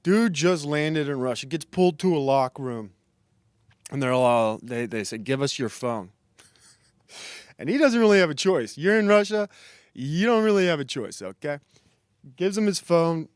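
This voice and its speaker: A man's voice: on the high side, animated, normal speed, smooth, dry recording. Young guy rambling on a comedy stream, self-deprecating, restarts a lot, dry close sound. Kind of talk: rambling comedic livestream monologue.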